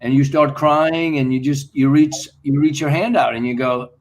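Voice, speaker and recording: A man's voice: medium pitch, normal speed, poor audio. A man on a video call, telling a candid, emotional personal story and quoting others as he goes. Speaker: guest musician.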